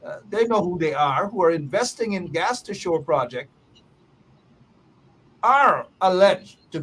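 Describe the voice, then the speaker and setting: A man's voice: on the high side, a little hiss or hum. A man hosting a political talk show, reading headlines aloud and repeating key phrases. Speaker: show host.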